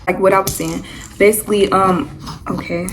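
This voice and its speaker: A young woman talks straight to her viewers in a relaxed storytime vlog. She rambles and circles back, and her mid-range voice stays easygoing and chatty. A faint hiss sits under the recording. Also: mid-range voice, moderate pace, creaky. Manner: rambling, loose and chatty, full of "like" and "y'all". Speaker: vlogger. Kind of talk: casual storytime chat.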